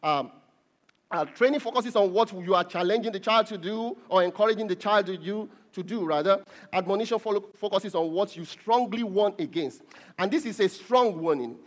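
A middle-aged male pastor preaching a sermon, emphatic, with repeated words that build to loud peaks. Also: high voice, moderate pace.

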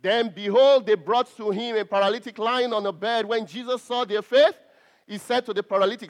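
A man's voice: very high voice, moderate pace. A man preaching a sermon to a congregation, stressing key words and often repeating himself as he restarts.

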